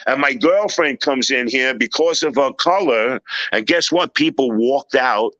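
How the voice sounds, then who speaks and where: Man, panel guest, bright dry voice, halting then loud when he acts out scenes. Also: medium pitch, dry recording, dull audio. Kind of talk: casual storytelling.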